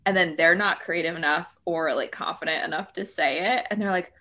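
A woman guest, a comedian, telling animated stories on a podcast and laughing often. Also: on the low side, fairly quick. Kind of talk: casual chat.

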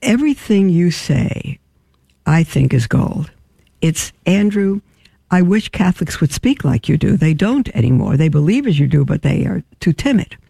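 A gravelly, mellow-toned woman, a religious sister who hosts a talk show, reads out listener emails and responds frankly and earnestly, often pausing as she thinks. Her voice sounds dry and close, with no room echo. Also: sits low, very animated.

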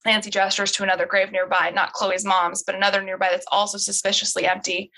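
Woman narrating her own script, casual, bright tone. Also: mid-range voice, monotone, quick pace, hardly any pauses, low-quality recording. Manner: casual, laughs at herself. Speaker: writer reading her script. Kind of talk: read-aloud story narration.

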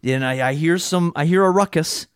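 Man, casual storytelling chat, slightly high voice, swears a lot, mimics people, dry close sound. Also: moderate pace, clear, resonant tone, dry recording.

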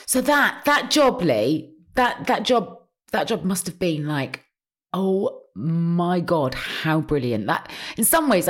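A woman hosting a casual interview, reacting with enthusiasm and asking questions. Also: low voice. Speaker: host.

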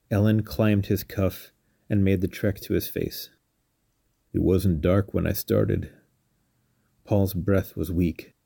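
A man narrating a scripted story in a calm, measured reading. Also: low-pitched, no room sound. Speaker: storyteller and podcast host.

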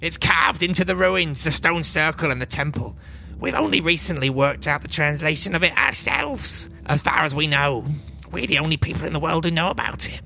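A man voicing Silas, a tiny male gnome spice master who is sharp and suspicious, in a high exasperated voice. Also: normal speed, creaky, full character voice, rough recording. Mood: serious.

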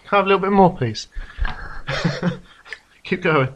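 A man co-hosting a casual podcast chat, playful and quick to laugh. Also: high voice, a little hiss or hum. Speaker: podcast co-host.

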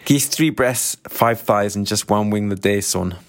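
A man's voice: fairly low pitch, measured pace. A man voicing a brusque deli customer from Glasgow with an attempted Glaswegian Scottish accent, ordering in short, bossy bits. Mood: demanding.

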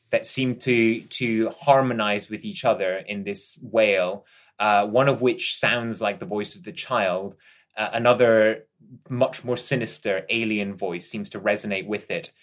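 A man narrating a tabletop horror game as game master, in measured descriptions with frequent pauses. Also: lowish voice, fairly bright tone.

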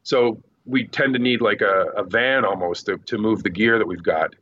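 A man who works as a news correspondent, telling animated stories from the field in a casual podcast interview. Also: fairly low pitch, muffled recording, slight background noise. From Quebec Eastern Townships, Canada. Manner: animated anecdotes, quick asides.

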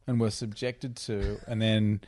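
A man's voice: on the low side, little pitch movement, a little slow, darkish tone, dry recording. A man on a podcast as a guest, laid-back and breathing audibly into the mic. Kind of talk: casual podcast chat.

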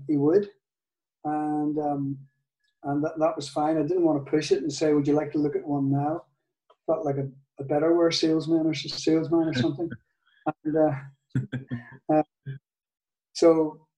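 An older man with a Northern Irish accent, telling a story in an interview, halting, with many restarts and soft laughs. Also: a little high, far from the mic. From Northern Ireland. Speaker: guitar maker, guest. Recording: echoey room, off-mic.

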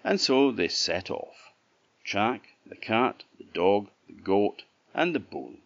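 Deep, unhurried Orcadian storyteller. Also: male voice, very animated, creaky, fairly bright tone. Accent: Orcadian Scottish. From Orkney Islands, Scotland. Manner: unhurried, sing-song with repeated refrains. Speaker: traditional storyteller. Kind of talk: oral folk-tale storytelling. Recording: dull lo-fi recording.

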